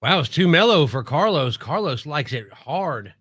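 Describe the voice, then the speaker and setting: A man's voice: a little high, very animated, moderate pace, a bit bright, breathy edge, dry recording. A man co-hosting a casual radio show from a studio, joking and telling news stories in a self-deprecating way. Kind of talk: casual morning radio banter. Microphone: studio mic.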